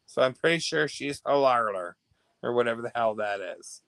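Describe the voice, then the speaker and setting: An American man hosts a casual livestream, gossiping and responding to viewer comments, laughing often and swinging from hushed asides to loud bursts. His mid-range voice has vocal fry and a moderate pace, with no echo.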